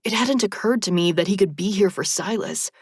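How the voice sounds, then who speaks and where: A woman narrating an audiobook in the first person with a measured, soft delivery. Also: medium pitch, husky, dry recording, studio quality.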